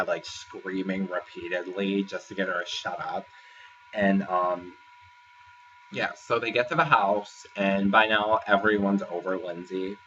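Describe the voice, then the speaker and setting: Rambling man recapping, bright and distant. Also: low voice, slight background noise. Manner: rambling, filler-heavy retelling. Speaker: reality show reviewer. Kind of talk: casual vlog recap. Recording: distant, dull lo-fi sound with faint ambience.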